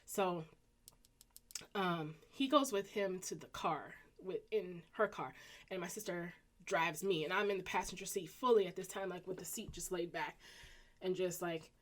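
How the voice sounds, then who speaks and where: A woman in her thirties with a Southern US accent, telling a personal story casually to her viewers and acting out the people in it. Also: moderate pace. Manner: animated, acts out quoted voices with pitch jumps. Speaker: vlogger.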